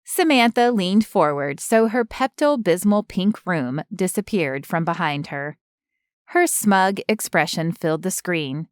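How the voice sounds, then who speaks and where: Unhurried, smooth woman narrator. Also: on the low side, no echo, clean studio sound. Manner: measured, even storytelling. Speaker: audiobook narrator. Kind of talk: scripted narration. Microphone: close studio mic.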